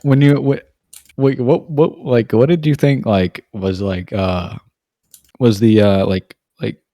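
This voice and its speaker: A man's voice: fairly low pitch, steady tone, takes it slowly, dark tone, dry recording. Young male podcast host, rambling, stuttering, profane; dry close sound. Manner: rambling, stuttering, swears a lot. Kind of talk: casual chat among friends.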